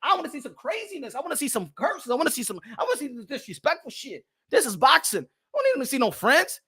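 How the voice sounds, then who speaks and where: A high-pitched man with a bright, sharp voice rants loudly about boxing as a channel host. He repeats himself often and tosses in "huh?" between lines. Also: huge pitch swings, fast talker. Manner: loud, repetitive, trash-talking, keeps asking "huh?". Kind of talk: casual rant to camera.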